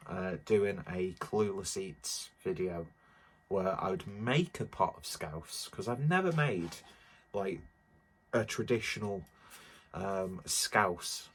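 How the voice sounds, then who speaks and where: A man chats casually through a beer review, wandering off topic and poking fun at himself. His voice sits a little low, and he sounds slightly out of breath, with plenty of ums and uhs. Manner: rambling, self-deprecating, many fillers.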